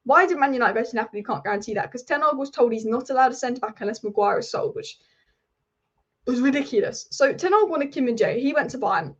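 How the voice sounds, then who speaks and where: Woman, emphatic live football rant, high pitched, dull lo-fi audio. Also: fairly quick. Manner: passionate, emphatic, repeats points for emphasis. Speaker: football channel host.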